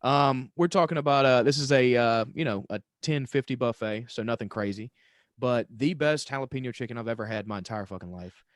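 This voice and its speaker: A man's voice: mid-range voice, brisk, dry recording, clean studio sound. A man co-hosting a casual podcast chat in a laid-back, rambling way with lots of swearing. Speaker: podcast co-host.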